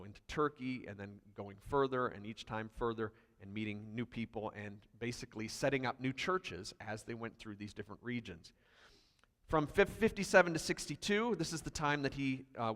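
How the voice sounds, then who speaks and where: A man's voice: medium pitch, a bit bright, in a large hall. A man pastor preaching a sermon emphatically, reading scripture aloud with growing intensity. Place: church hall.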